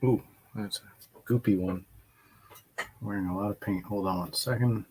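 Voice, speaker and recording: A man's voice: lowish voice, steady tone, normal speed, a little mellow, slight background noise. Chatty man hosting a painting stream. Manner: chatty, rambling, greets viewers by name. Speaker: livestream host painting miniatures. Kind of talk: casual livestream chat.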